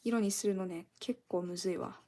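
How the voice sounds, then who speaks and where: A woman's voice: mid-range voice, steady tone, rapid-fire, dark tone. A woman streaming live as she colors, chatting in a rambling, casual way and thanking her viewers often.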